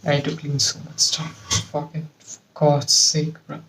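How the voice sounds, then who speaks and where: A man's voice: a little high, monotone, unhurried, fairly bright tone, a little hiss or hum. A young man working alone at a bench, muttering measurements and swearing in frustration as he goes. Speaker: hobbyist lab vlogger. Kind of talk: casual working commentary. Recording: echoey room, distant mic.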